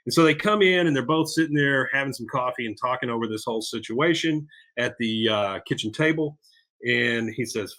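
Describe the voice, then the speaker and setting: A middle-aged man recapping a cartoon episode on his podcast, rambling along with plenty of fillers. His voice is bright and forward. He keeps it loose and casual. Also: mid-range voice, a little fast. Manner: rambling, with many fillers and laughs. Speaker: podcast host.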